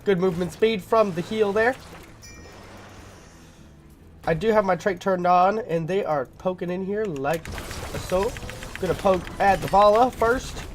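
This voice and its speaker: A man commentating his own gameplay in a casual, rambling way, full of fillers and throat-clearing because he is sick. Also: high-pitched, moderate pace, a little hiss or hum. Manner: rambling, filler-heavy, thinking aloud.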